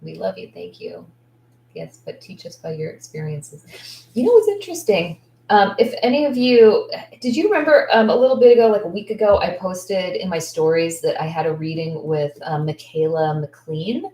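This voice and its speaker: Lower-voiced woman rambling on a live stream, super candid and gushy, roomy echo. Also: sing-song, moderate pace, dark tone, a little hiss or hum. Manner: candid, effusive, rambling with many likes and restarts. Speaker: esthetician business coach. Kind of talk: casual livestream chat.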